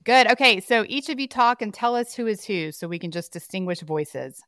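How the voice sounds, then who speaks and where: A woman's voice: mid-range voice, expressive, moderate pace, fairly bright tone, smooth, no room sound. A woman hosting a podcast, upbeat and enthusiastic, speaking into a close studio mic. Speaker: podcast host. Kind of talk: lively scripted podcast hosting.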